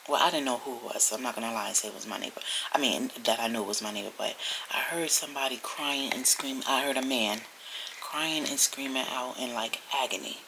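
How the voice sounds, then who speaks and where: A woman vlogging from home, telling a story in a chatty, animated way that sometimes drops to a whisper. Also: very deep voice, quick pace, creaky, background noise. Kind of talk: casual storytelling chat. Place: at home indoors.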